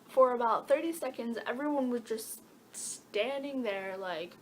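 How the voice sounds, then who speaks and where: A woman's voice: on the high side, normal speed, a little hiss or hum. A teenage girl answering Q&A questions in a casual, rambling way with many fillers and giggles. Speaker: vlogger. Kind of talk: casual Q&A chat.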